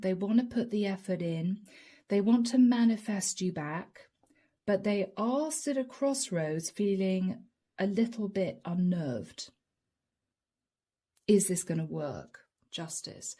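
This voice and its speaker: A woman giving a channeled tarot reading, speaking slowly and softly, sometimes dropping into a whisper. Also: mid-range voice. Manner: slow, soft, drawn-out delivery with whispered asides. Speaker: tarot reader.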